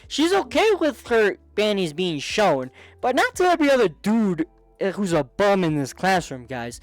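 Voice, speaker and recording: Brief: chatty male manga recapper, slightly higher voice, excitable, with faint music under. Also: normal speed, no echo. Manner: excitable, chatty, many restarts and asides. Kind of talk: casual commentary.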